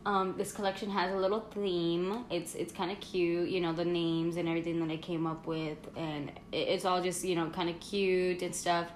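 A woman's voice: on the low side, level tone, normal speed, few pauses, echoey room, slight background noise. A woman hosting her own podcast in casual, rambling chat full of fillers, talking while she eats at home. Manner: chatty, rambling, many fillers and laughs. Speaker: podcast host.

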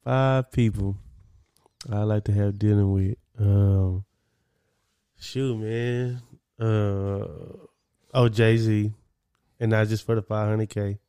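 A man's voice: on the low side, fairly even intonation, slow, long pauses, dark tone, smooth, no room sound. A man with a Southern US accent chatting casually, thinking aloud with lots of ums and uhs. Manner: laid-back, thinks aloud with many fillers. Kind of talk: casual chat.

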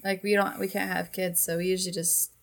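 A woman's voice: lowish voice, flat delivery, fairly quick, gravelly. A woman co-hosting a crude, casual couples podcast, blunt and full of swearing. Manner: blunt, swearing, laughs easily. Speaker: podcast co-host.

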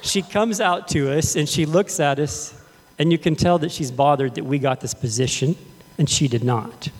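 A middle-aged man raised in Texas preaches to his congregation in an easy, chatty style, often checking in with them. His voice sits a little high. The sound carries a long hall reverb. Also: normal speed. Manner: casual, conversational, addresses the congregation directly. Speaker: pastor. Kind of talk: sermon with storytelling. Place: church sanctuary.

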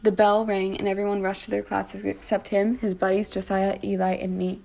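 A woman's voice: mid-range voice, little pitch movement, moderate pace, creaky, warm tone. A woman reading aloud from a first-person story, with dramatic delivery and small slips and restarts. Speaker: reader of her own story.

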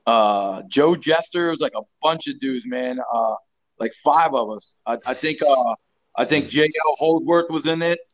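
A man in his forties, a strength coach, telling rowdy gym stories full of swearing and restarts. His voice sits a little high for a man as he rambles on and leans into each punchline. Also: normal speed, rough recording. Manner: profane, rambling, animated storyteller. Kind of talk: casual storytelling interview.

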